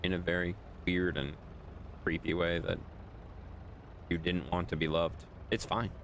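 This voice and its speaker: A man's voice: low-pitched, flat delivery, measured pace, fairly bright tone, slight background noise. A man streaming a game live, chatting casually and teasingly scolding his chat while he plays. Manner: bantering, scolds and teases chat.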